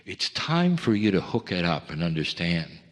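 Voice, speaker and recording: A man giving a slow, earnest channeled spiritual talk, pausing between phrases, recorded in a lecture hall. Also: low voice, sing-song.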